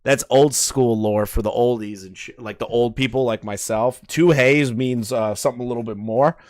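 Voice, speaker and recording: A man's voice: mid-range voice, steady tone, normal speed, a little mellow. A man in his late twenties hosting casual commentary, reading messages aloud and mocking them with incredulous, profane asides. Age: late 20s. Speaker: commentary host.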